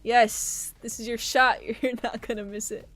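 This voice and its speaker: Voicing characters and laughing a lot, a female streamer reads a dating sim aloud in a playful way. She has a fairly high, fairly bright voice with little pitch movement and a slightly slow pace. There's no room sound, just faint music in the background.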